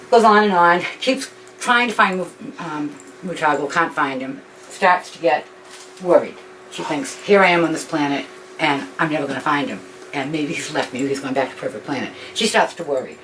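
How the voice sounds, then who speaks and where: A woman retelling a story informally, rambling with frequent ums and restarts. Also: sits low. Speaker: author telling her story. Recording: distant mic with faint background noise.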